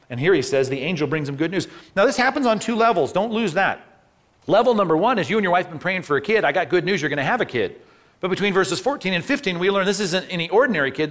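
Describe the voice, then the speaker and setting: A man preaching a sermon, animated and asking rhetorical questions, acting out the people in the story. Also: fairly high pitch. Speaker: pastor.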